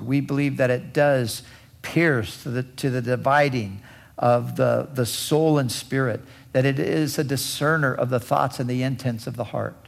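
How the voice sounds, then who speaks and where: A man preaching a sermon as pastor, with deliberate emphatic repetition. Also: medium pitch, vocal fry.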